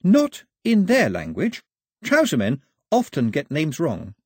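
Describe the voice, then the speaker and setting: A man voicing a nervous, eager young man who explains things in a high, hesitant voice. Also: huge pitch swings, unhurried, husky, no echo, studio quality, full character voice.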